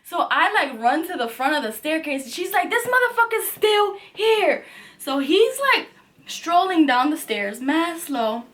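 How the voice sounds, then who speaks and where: A young woman vlogger telling a storytime tale in a profane, animated way, saying "like" constantly. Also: high voice, measured pace. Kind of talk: storytime vlog.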